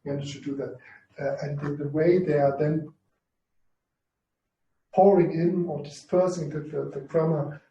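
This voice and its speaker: A man teaching Greek to a class, explaining rules in halting phrases and often repeating himself. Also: a little high, little pitch movement, dark tone, muffled recording. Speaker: Greek lecturer. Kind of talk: university class discussion. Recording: roomy, distant mic.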